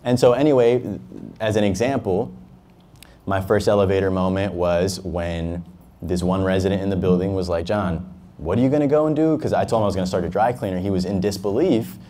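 As an interview guest at a fireside chat, this young Harlem man describes his business journey with emphatic, motivational energy and some casual cursing. He speaks a little fast in a low, warm voice with a steady tone.

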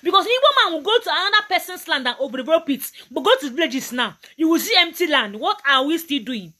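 Speaking to camera, a Nigerian woman gives a motivational talk, emphatic and preachy, frequently repeating her points. As a vlogger she talks fast, her voice high, sing-song and sharp in tone.

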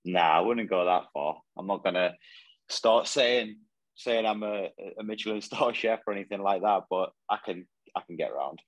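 A footballer in his twenties from Northumberland, England, is a guest in a casual interview, answering modestly and hesitantly with lots of fillers. His voice is on the low side and his pace is moderate, on a dry, rough recording.

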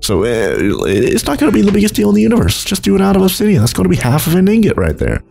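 Over soft background music, a young man rambles and chuckles through his Minecraft let's play, bouncing between low mumbles and high exclamations. The gaming YouTuber talks fast, with a gravelly, darkish voice and wildly swooping pitch.

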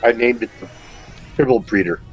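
A man chatting on a casual gameplay live stream as a co-player, jokey and quick to laugh at himself, over dull lo-fi voice chat audio. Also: mid-range voice, faint music behind. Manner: jokey, laughs at his own jokes.

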